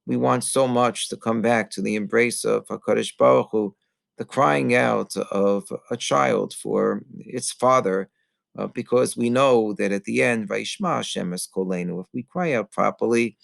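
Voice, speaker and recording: A man, a rabbi, giving an earnest teaching sermon, pausing often with fillers and mixing in Hebrew terms. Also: lowish voice, vocal fry, dry recording. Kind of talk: Tisha B'Av sermon.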